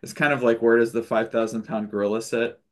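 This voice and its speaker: A man's voice: medium pitch, level tone, fast talker. A man leading a spiritual discussion group on a video call, telling stories in a loose, chatty way with fillers and restarts and an occasional chuckle. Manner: loose storytelling with frequent fillers and self-corrections.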